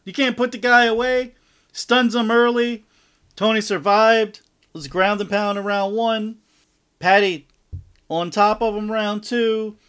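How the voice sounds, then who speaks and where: A man's voice: high voice, fairly even intonation, a little slow, fairly bright tone, clean tone. A man co-hosting a podcast, laid-back, laughing and chiming in during casual chat. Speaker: podcast co-host.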